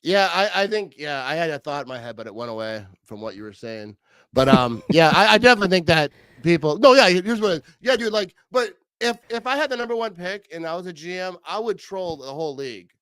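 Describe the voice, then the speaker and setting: Young guy cohosting a sports podcast, kinda high voice, chill and jokey, dry close mic. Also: animated, a little fast, a bit bright, smooth, no echo. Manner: laid-back, joking, says "dude" a lot. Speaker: podcast co-host. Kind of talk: casual sports chat.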